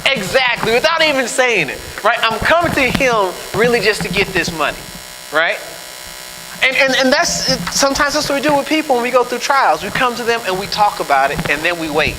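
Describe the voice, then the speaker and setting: A male pastor preaching a sermon in a joking, animated way, often asking his listeners "right?". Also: high-pitched, fairly quick. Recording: long hall reverb, faint background noise.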